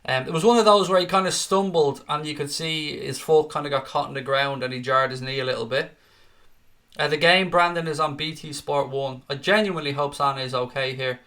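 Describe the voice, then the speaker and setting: His voice is a little high and fairly quick. He's a young man hosting a fan watchalong live, narrating the play and answering chat in a bantering, excitable, foul-mouthed style.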